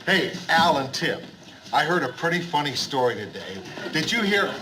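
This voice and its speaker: An actor playing a gruff middle-aged bar owner who forces himself to be hearty and jovial, repeating his greetings in a 1970s studio sitcom. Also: on the high side, very animated, moderate pace, bright, forceful tone, poor audio. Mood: forced cheer. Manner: overly hearty, repetitive greetings. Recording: hissy old TV soundtrack.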